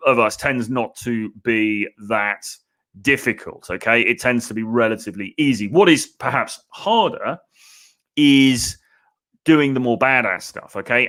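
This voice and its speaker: A man coaching on dating in a relaxed, chatty way, full of "you know" and "okay?" asides. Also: mid-range voice. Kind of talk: casual advice talk to camera.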